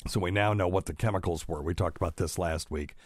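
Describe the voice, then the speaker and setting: A man with a very low voice talks in a loose, rambling way, full of ums and side tracks. The sound is dry and close, with no room around it. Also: quick pace, dry recording. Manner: rambling, digressive, many fillers. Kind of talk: casual talk, reading news aloud.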